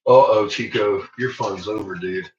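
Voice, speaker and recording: A man chatting casually to his viewers in a workshop, laughing a lot and swearing freely as he tells animated stories. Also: on the low side, measured pace, a little hiss or hum. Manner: laughing, profane, animated storytelling. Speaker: vlogger. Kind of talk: casual chat. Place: workshop with a kiln. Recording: muffled lo-fi recording.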